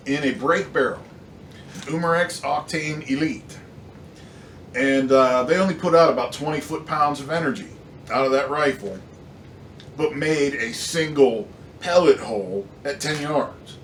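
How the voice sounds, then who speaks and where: A man's voice: a little high, normal speed. A man giving a casual, rambling airgun product review, emphatic and frustrated, with plenty of fillers. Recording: echoey room, slightly distant mic, faint noise.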